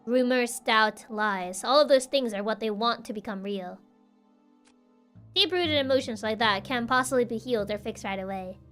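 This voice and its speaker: A composed professional detective speaks in a measured, reassuring way, as a woman voices the role while reading game dialogue. The delivery is calm and steady. Her voice stays bright even when pitched a little lower. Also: faint music behind, lightly acted.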